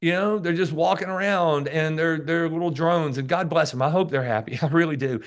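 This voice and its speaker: A man's voice: on the high side, fairly quick. A man talking as a guest in a casual interview, telling emphatic stories and acting out what people say to him. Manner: animated storyteller who acts out what people say; emphatic and preachy, repeats key words. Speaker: podcast guest, sales author.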